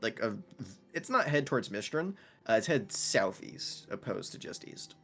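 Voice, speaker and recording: A man's voice: lowish voice, sing-song, normal speed, a bit bright, soft background music. A man narrating as game master in a tabletop role-playing game, laid-back and rambling.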